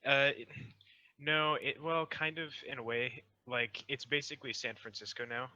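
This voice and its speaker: A man from Texas calls in to a podcast, hesitant and offhand. His voice is sharp and very bright. A muffled, lo-fi line dulls the sound. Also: mid-range voice, normal speed. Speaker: caller. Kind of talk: call-in podcast chat.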